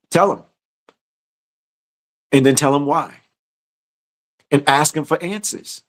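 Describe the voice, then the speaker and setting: A man's voice: a little high, measured pace, pauses often. A man teaching a scripture study, talking through how to discern inner thoughts and prayer, often acting out quoted prayers, and rising into urgent exhortation. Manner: builds from calm conversational teaching to raised, urgent exhortation. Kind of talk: preaching scripture study talk.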